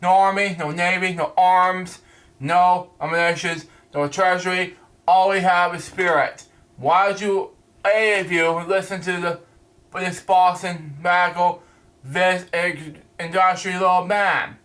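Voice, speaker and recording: A man reviewing a comic book, reading it aloud haltingly, stumbling over words and adding his own asides. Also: sits high, steady tone, a bit bright.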